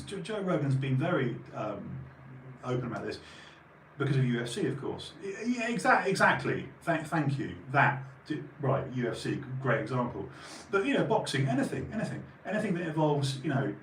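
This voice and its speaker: A man's voice: medium pitch, distant mic. A man in his forties giving an emphatic, rambling opinion monologue as a channel host. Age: 40s. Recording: roomy echo, voice off-mic, faint background hum.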